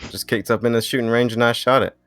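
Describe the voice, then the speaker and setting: A man playing Sally, gravelly and dismissive. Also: medium pitch, steady tone, fast talker, fairly bright tone, faint music behind, natural voice. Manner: curt and dismissive. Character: evasive woman shooter Sally.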